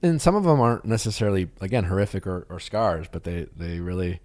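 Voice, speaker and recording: Male podcast host, low voice, loose rambling questions, casual interview. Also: fast, darkish tone. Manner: rambling, reflective, restarts.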